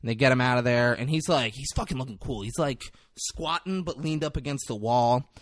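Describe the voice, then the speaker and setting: An animated man in casual podcast chat, walking through a film scene beat by beat and swearing as he goes. His voice sits at an everyday middle pitch. It is recorded close and dry, with no room sound. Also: fairly quick, no echo. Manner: animated storyteller, swears freely, acts out quotes. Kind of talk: casual movie recap chat.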